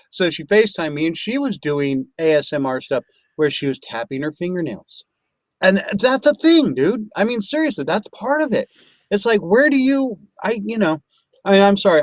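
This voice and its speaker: A man's voice: fairly high pitch, no room sound. A man hosting a casual online chat show, rambling with many restarts and eating while he talks. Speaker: show host.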